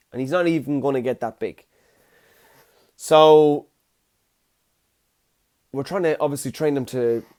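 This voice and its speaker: A man's voice: mid-range voice, a little mellow. A young man, hosting a casual solo podcast with chatty, jokey storytelling. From Ireland. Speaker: podcast host.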